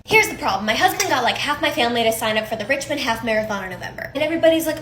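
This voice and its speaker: A woman's voice: sits high, animated, very fast, few pauses, a bit bright. A woman giving upbeat, encouraging career tips straight to camera in a punchy, casual way. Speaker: career advice creator.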